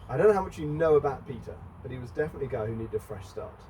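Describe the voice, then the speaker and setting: A man's voice: mid-range voice, expressive, racing, warm tone. A middle-aged man, preaching a conversational sermon in a church and chatting with the congregation. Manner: chatty, asks the congregation questions. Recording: distant mic, faint background noise.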